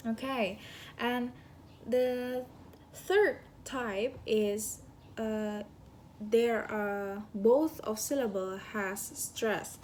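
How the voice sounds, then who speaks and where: Slow, halting young woman reviewing lessons. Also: on the high side, a little mellow, a little hiss or hum. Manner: halting, searching for words, self-correcting. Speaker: student giving a class review. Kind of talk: spoken course review.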